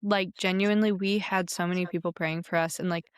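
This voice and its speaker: A young woman in her twenties, a podcast guest chatting casually and telling an animated, giggly story. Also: lowish voice, brisk, clean tone, no room sound, clean studio sound. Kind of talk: casual chat.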